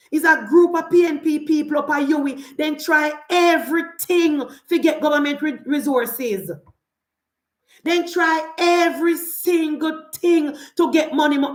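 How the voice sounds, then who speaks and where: A Jamaican woman with a high voice delivers political commentary in an indignant tone. She fires off rhetorical questions and slips into Patois phrases. Her voice rings around a roomy, echoing space.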